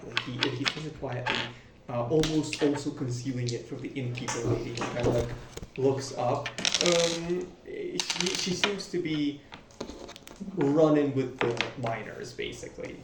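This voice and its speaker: A man's voice: medium pitch, normal speed. A man running a tabletop game as game master, narrating casually with lots of fillers and restarts. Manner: rambling, filler-heavy, self-interrupting. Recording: echoey room, far from mic, loud noise.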